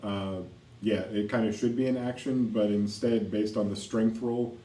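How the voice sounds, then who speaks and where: Guy running a tabletop game, wry and relaxed, echoey room, kinda far from the mic. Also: on the low side, normal speed. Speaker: game master. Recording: roomy echo, mic at a distance, faint noise.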